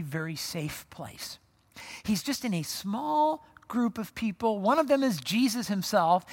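A pastor giving a conversational sermon at a worship service, telling the story in an animated way with frequent restarts. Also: mid-range voice. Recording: long hall reverb.

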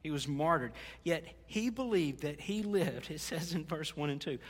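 Older guy preaching, kinda high voice, chatty and folksy, big echoey church. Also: lively intonation, moderate pace. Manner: conversational, with stumbles and folksy asides. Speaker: pastor. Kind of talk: sermon. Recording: reverberant hall.

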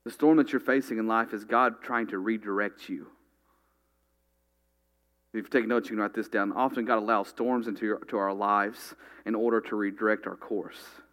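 A man's voice: on the low side, a bit bright. A man preaching a sermon, earnestly reading scripture and speaking straight to his congregation. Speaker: pastor.

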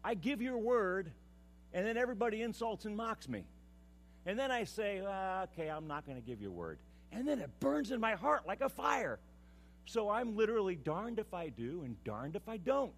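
A man's voice: sits high, sing-song, normal speed, pitched above the performer's own voice, heavily acted. A man voicing an exasperated, anguished prophet. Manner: exasperated, pleading, rising to a shout. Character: anguished male prophet railing at God.

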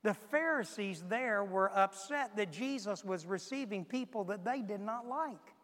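A man's voice: high voice, a little slow, fairly bright tone. A man preaching a sermon to a congregation, pressing his point with repeated rhetorical questions. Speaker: pastor. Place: church sanctuary. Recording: long reverb of a large hall.

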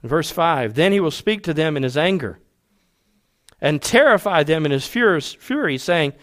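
A man preaching a sermon, animated, acting out quoted voices and dropping at times to a hushed tone. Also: a little high, moderate pace. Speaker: pastor.

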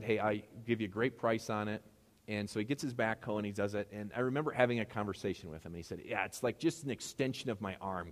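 A man preaching a sermon as a pastor, telling stories in a casual way and acting out the dialogue. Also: fairly low pitch. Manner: casual storytelling, acts out dialogue. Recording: long hall reverb.

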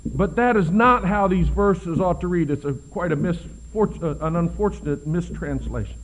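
A man preaching a sermon with expressive delivery, dropping to soft hushed lows and rising to loud emphatic peaks, slowing down to stress key words. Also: lo-fi sound.

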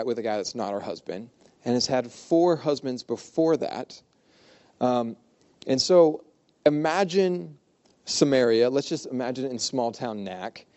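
A man's voice: mid-range voice, dark tone, lo-fi sound. A man preaching a conversational sermon, informal and humorous, retelling the story with playful asides. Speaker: pastor.

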